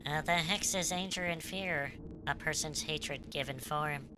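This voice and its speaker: A woman streaming a video game, casually reading its dialogue aloud and chatting, stumbling over words and breaking into loud excitement. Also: sits low, a little slow, noisy background.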